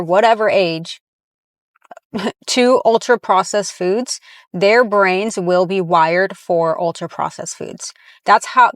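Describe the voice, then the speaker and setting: Woman reaction vlogger, mid-pitch, blunt and heated, dry close sound in a car. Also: no room sound. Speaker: fitness commentator. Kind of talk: reaction commentary. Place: inside a parked car.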